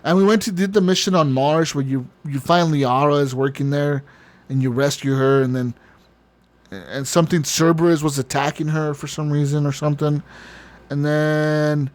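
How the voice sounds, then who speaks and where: A man's voice: on the high side, steady tone, normal speed. A man co-hosting a podcast, telling a long story in casual chat, rambling and profane, often laughing. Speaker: podcast co-host.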